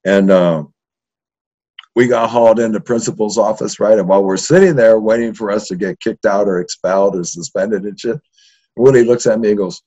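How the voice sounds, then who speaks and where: An older man from East Los Angeles, a history professor, tells profane stories about his youth during a casual interview, constantly tacking "right?" onto his lines. His voice sits on the low side and moves briskly, animated throughout. The recording has a dull, lo-fi sound.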